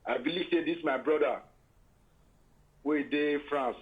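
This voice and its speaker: A Nigerian man talks over a live phone video call in pidgin. His voice sits fairly high, and he sounds heated and accusing, hammering the same points again and again. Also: unhurried, narrow, tinny audio. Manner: heated, accusing, repeats himself.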